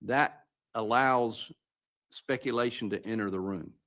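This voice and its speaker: A man's voice: mid-range voice, unhurried, fairly bright tone. A man serving as an appellate judge, asking hesitant, searching questions from the bench in a courtroom.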